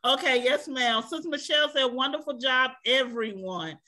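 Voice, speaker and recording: A woman's voice: high-pitched, moderate pace, sharp tone, a little hiss or hum. Emotional woman hosting an online assembly. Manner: frequent religious praise phrases, thanking each person by name.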